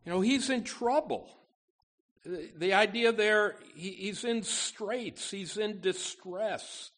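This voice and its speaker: A man's voice: sits high, slow pace, fairly bright tone. A man preaching a sermon to his church, earnest and emphatic, often restarting phrases as he goes. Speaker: pastor.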